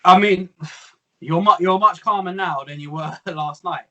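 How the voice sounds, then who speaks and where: A young man, co-hosting a casual football chat in a measured, analytical way with some exasperation. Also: high voice, pushed and bright, dull audio. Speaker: co-host.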